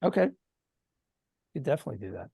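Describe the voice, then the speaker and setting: A man's voice: mid-range voice, sing-song, fast talker, creaky, dark tone, slightly rough, no echo. A man narrating as game master of a tabletop game over a video call, rambling and correcting himself.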